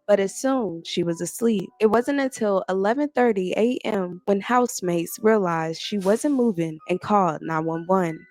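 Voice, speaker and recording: A woman narrating a scripted news documentary in an even, measured read. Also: medium pitch.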